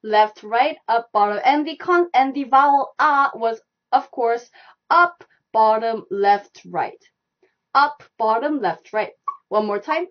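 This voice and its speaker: A woman with a Korean accent teaching a live online language class, repeating steps slowly and laughing often. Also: on the high side, animated, highs cut off. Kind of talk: live-streamed language lesson.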